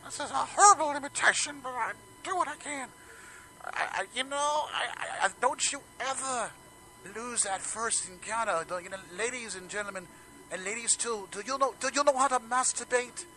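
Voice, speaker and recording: Man putting on a very high old lady therapist voice, bright and piercing, stammering "I, I", mock-earnest. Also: moderate pace, slight background noise, heavily acted, rough recording. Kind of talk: comedic impression on live radio.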